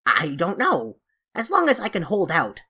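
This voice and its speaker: A woman's voice: lowish voice, huge pitch swings, normal speed, sharp tone, heavily acted. A woman voicing a grumpy, self-pitying male sand fairy who gripes and whines, reading an audiobook of a classic children's story. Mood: grumbling. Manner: gruff and complaining, voice cracking.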